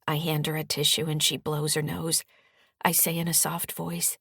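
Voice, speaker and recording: A woman author narrating her own mystery-thriller audiobook in the first person, steady and firm in the mother's dialogue. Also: sits low, normal speed, vocal fry, breathy edge, dry recording, clean studio sound. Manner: steady storytelling, rising firmly in the mother's lines.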